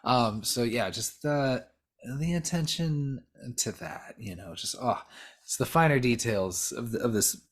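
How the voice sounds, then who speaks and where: A man with a mid-range, slightly slow voice co-hosts a podcast and rambles about a horror film. He swears, uses many fillers and keeps restarting his thoughts in this casual movie discussion.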